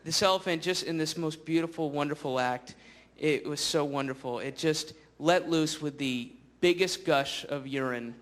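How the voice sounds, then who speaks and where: A man's voice: a little high, moderate pace. A man doing a stand-up comedy set on a live stage, rambling through a story full of fillers and restarts. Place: live theater stage before an audience. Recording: live show with loud crowd noise.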